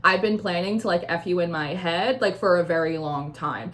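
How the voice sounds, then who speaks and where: A woman's voice: fairly low pitch, moderate pace, fairly bright tone. A young woman giving a casual intuitive tarot reading, rambling with many fillers and acting out quoted voices. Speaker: tarot reader.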